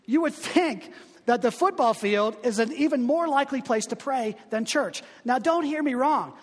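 A man's voice: very high-pitched, normal speed, long reverb tail. A male pastor giving a conversational, humorous sermon full of asides.

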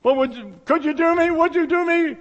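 A preacher voicing a pleading dying thief. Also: male voice, very high-pitched, brisk, long reverb tail, muffled recording, voice pushed up. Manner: pleading, repeating himself.

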